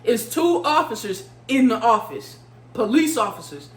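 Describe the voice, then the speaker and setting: Animated woman telling a story, echoey room. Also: on the high side, normal speed. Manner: animated, swears freely, talks straight to viewers. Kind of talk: casual storytime.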